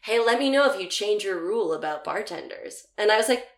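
A woman in her thirties chats casually and acts out every line she quotes, her voice at an ordinary middle pitch. She works as a comedian. The recording carries a roomy echo. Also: brisk. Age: 30s. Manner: animated storyteller, acts out quotes. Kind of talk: casual chat.

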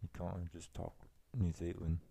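A man's voice: deep voice, flat delivery, normal speed, vocal fry, dark tone, slight background noise. A young man with a laid-back manner chatting casually with friends. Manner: laid-back, says dude a lot. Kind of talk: casual chat.

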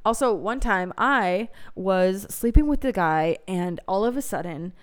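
This young podcast host has a smooth, medium-pitched voice, animated yet a little slow. She delivers candid, profane stories in a casual monologue, laughing frequently.

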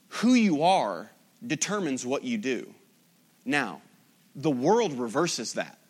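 A man's voice: fairly high pitch, a bit bright. A man preaching a sermon as pastor, emphatic, with rhetorical repetition.

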